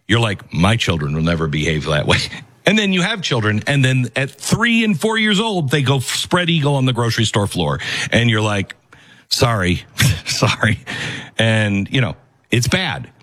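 A man's voice: mid-range voice, sing-song, moderate pace, a bit bright, dry recording. A man hosting a talk show, commenting on a video clip he plays and mimicking the people he quotes. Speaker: host.

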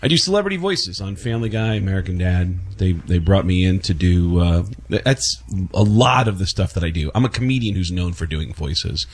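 Husky comic guy from the bronx, fast talker on a talk show. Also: low-pitched, animated. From the Bronx, New York. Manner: fast storyteller, jumps into voices. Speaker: comedian and guest.

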